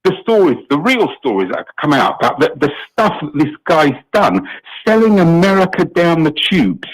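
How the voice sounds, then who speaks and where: A man calling in to a talk radio show, arguing in an animated, impassioned way. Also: fairly high pitch, moderate pace, husky, rough recording. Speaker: caller. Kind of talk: call-in talk radio chat.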